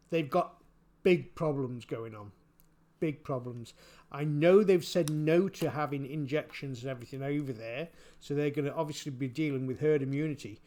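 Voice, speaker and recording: A man giving casual spoken commentary, halting and repeating his words, chuckling often. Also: a little high, a little mellow. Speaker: vlogger.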